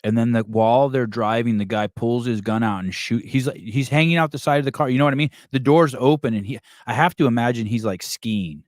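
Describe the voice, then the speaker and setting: A man's voice: medium pitch, brisk, hardly any pauses, dry recording, studio quality. A man hosting a podcast, chatting casually and telling a long story with lots of restarts and fillers. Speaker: podcast host. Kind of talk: casual chat.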